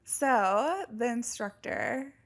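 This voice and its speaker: A young woman co-hosting a podcast, chatting casually and telling animated stories, with casual swearing. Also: on the high side, drawn-out words. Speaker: podcast co-host. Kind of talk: casual chat.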